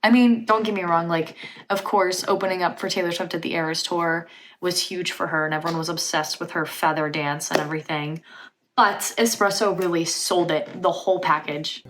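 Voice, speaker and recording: A woman's voice: on the low side, fairly even intonation, moderate pace, background noise. A woman reviewing an album for her vlog in casual chat, gushing and dropping "like" into almost every sentence. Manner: gushing, filler-heavy talk with lots of "like". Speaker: music reaction vlogger.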